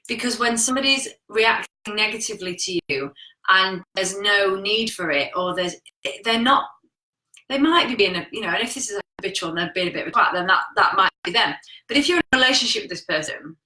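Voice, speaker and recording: A bright, forceful woman talks straight to her viewers about relationships. She is frank and chatty, with casual swearing. Her voice rings around an echoey room. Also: mid-range voice. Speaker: coach. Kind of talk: live-streamed talk reading viewer comments.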